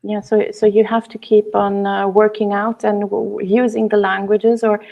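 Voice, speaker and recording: A woman hosts an interview over a video call, speaking in a flat, level tone with a gravelly edge. She frames her questions haltingly and keeps murmuring agreement while her guest talks. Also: medium pitch, muffled recording. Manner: attentive, frequent backchannel, hesitant questions. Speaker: interview host. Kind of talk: conversational interview.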